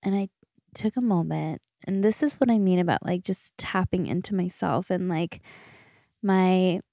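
A woman's voice: lowish voice, moderate pace, dark tone, no room sound, clean studio sound. A woman, hosting a solo podcast in casual chat. She gushes, laughs often and swears freely. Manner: chatty, gushing, laughs often. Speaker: podcast host.

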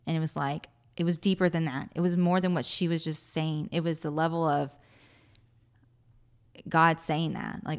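Gravelly-voiced woman telling her story. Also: low voice, normal speed. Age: late 30s. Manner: animated, acts out her own quoted thoughts. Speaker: guest. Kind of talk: casual interview storytelling.

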